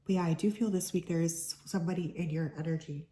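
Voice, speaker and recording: A woman with a sick, hoarse voice giving a chatty collective card reading as a tarot reader, full of "like" fillers. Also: lowish voice, fairly even intonation, quick pace, mellow. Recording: echoey room.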